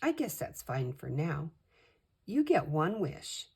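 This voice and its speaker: A woman's voice: slow, vocal fry, slightly rough, heavily acted. An older woman voicing a timid female wish-granting spirit who frets nervously. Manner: nervous, fretful, high and excited.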